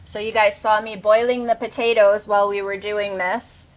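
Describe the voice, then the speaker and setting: A woman's voice: medium pitch, little pitch movement, normal speed, rough recording. Casual, enthusiastic cooking host; woman in her thirties tasting and describing food. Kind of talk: casual cooking show chat.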